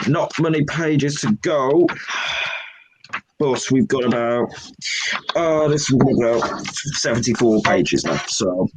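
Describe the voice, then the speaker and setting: A man's voice: medium pitch, takes it slowly, pauses often, noisy background. A man hosting a live show, reading a children's book aloud with chatty asides and frequent stumbles.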